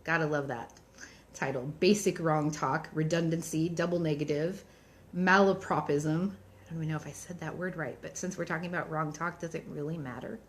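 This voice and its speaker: A woman's voice: sits low, fairly even intonation, normal speed. A woman author in a casual live-streamed book chat, chatty and enthusiastic, reading out book titles between frequent ums.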